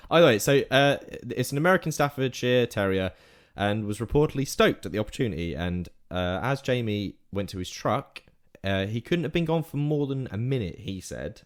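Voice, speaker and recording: A man's voice: medium pitch, expressive, moderate pace. A man co-hosting a casual podcast, telling a story in a rambling way and correcting his own slips. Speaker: podcast co-host.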